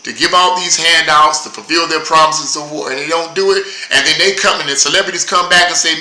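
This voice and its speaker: A man's voice: fairly high pitch, fairly even intonation, fast, few pauses, bright, forceful tone, echoey room, poor audio. A man giving casual political commentary as a show host, rambling and repeating words as he goes.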